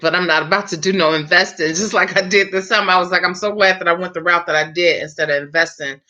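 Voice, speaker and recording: A hairstylist hosts a casual live chat, speaking straight to her viewers in a chatty, laughing way. Her voice is fairly low with fairly even intonation, fast, bright, and forceful, and the stream audio is dull and lo-fi.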